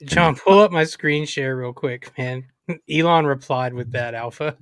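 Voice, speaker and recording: A man's voice: medium pitch, a little slow, clean tone, no room sound. A man on a podcast in casual chat, making wry, sardonic remarks.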